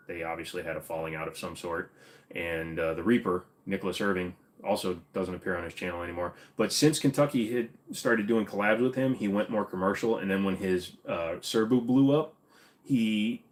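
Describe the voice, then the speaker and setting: Minnesotan male host, very low voice, blunt opinions, casual Q&A. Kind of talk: casual livestream Q&A.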